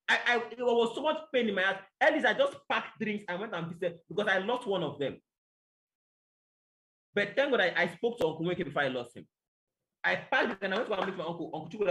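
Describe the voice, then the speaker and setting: Fast, bright man telling a story. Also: sits high. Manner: animated storytelling, acting out exchanges with God. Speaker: motivational speaker. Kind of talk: testimony talk to an audience.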